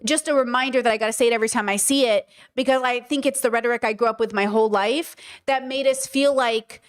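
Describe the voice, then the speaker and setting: A woman's voice: on the high side, steady tone, quick pace, smooth. A woman hosting a live stream, speaking earnestly and with passion to her chat. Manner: earnest, impassioned, lecturing. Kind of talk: livestream commentary to chat.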